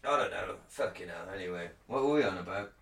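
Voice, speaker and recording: A British man co-hosting a podcast, sweary and rambling, with loud joking outbursts. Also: low-pitched, animated, fast talker, creaky, crowd noise. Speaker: podcast co-host. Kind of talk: casual chat. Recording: roomy, distant mic, faint ambience.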